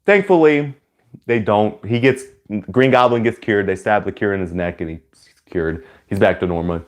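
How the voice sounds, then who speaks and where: A man giving a casual, rambling spoken movie review, full of "like" and "you know", who breaks into loud high-pitched cheers when excited. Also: moderate pace.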